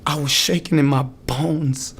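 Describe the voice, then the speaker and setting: A young man earnestly recounting a hard experience in his own words, halting and restarting as he goes. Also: on the high side, fairly even intonation, a little hiss or hum. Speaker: client giving a testimonial. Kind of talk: emotional personal testimonial.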